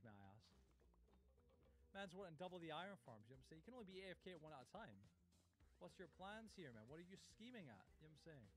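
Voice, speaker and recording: Guy streaming a game, talks super fast, gets all panicky and yelly, bit of music in the background. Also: fairly high pitch. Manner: excitable, breaks into panicked outbursts. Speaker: livestream host. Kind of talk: live gameplay commentary. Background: faint background music.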